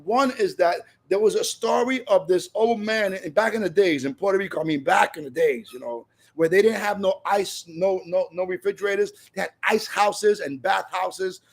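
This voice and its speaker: A man's voice: high-pitched, moderate pace, gravelly, few pauses. A man giving a passionate, repetitive personal share at a recovery meeting, telling stories.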